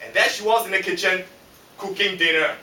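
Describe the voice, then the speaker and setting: Brief: punchy Singaporean English male speaker, high-pitched; distant, echoey hall. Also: fairly quick. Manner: lively, punchy, audience-teasing. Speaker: speech contest speaker. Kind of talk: humorous prepared speech.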